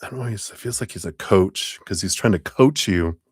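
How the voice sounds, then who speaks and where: A man's voice: lowish voice, fairly quick, slightly rough, dry recording. A man giving a tarot reading on a livestream, rambling and chuckling, restarting his sentences. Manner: rambling, self-interrupting, chuckling. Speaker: tarot reader.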